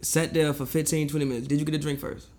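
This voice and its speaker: A man's voice: fairly high pitch, level tone, a little mellow. A man hosting a casual chat who sums up a guest's story with teasing questions and lots of fillers. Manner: quick, filler-heavy, teasing recaps.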